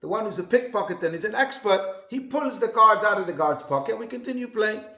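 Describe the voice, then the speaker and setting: A man's voice: sits high, animated, quick pace, sharp tone, echoey room, pitched above the performer's own voice, exaggerated voice. A man playing a sly male prison ringleader who explains a trick in a confiding, matter-of-fact way.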